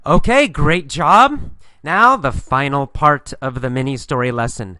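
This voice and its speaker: A man teaching an English listening lesson, telling a mini story and repeating each line slowly and clearly for learners. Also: medium pitch, sharp tone, no room sound, studio quality. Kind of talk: guided story narration with instructions.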